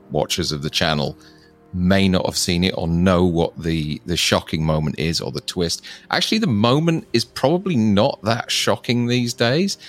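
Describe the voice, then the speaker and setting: A man co-hosting a casual chat about films, rambling and often circling back to finish his thought, with frequent chuckles. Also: deep voice. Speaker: co-host discussing films.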